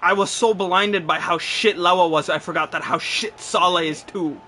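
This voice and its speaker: A man's voice: sits high, fairly even intonation, moderate pace, bright, forceful tone, a little hiss or hum. A young man giving frustrated gameplay commentary, swearing, ranting and mocking himself sarcastically. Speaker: gaming YouTuber.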